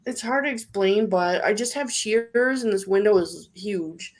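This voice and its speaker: A woman speaking quietly and hesitantly on a livestream call from a dark room at home. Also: mid-range voice, unhurried. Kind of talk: casual livestream chat.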